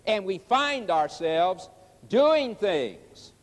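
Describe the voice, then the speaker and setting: A man preaching a sermon emphatically, repeating lines and stretching key words slowly. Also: high voice, sing-song. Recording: long reverb of a large hall.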